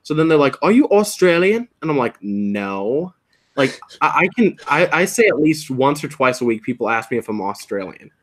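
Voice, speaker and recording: A man's voice: medium pitch, brisk, few pauses. Chatty young man, rambling Lego talk. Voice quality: soft, slightly slurred when quiet. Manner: chatty, rambling, laughs often. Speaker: Lego builder and streamer. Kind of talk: casual chat.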